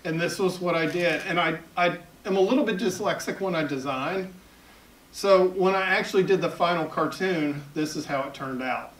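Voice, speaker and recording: A man's voice: high-pitched, normal speed, fairly bright tone, slight background noise. A man in his fifties with a Southern US accent, an editorial cartoonist giving a chatty public talk, full of self-deprecating humor. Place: event hall at a library. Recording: echoey hall, picked up from far off.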